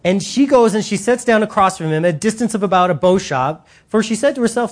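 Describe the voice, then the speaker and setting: Animated, emphatic preacher. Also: mid-range voice, quick pace. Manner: emphatic, animated, talks to the congregation. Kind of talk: sermon.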